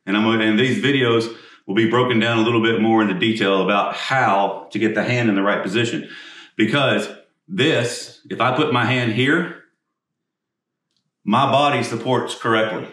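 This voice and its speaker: A man's voice: lowish voice, steady tone, moderate pace, a bit bright. Man, golf instructor, blunt casual talk, short of breath, very echoey, mic far away. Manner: casual, blunt, swears, demonstrating while talking. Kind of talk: on-camera swing demonstration. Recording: echoey, from a distance.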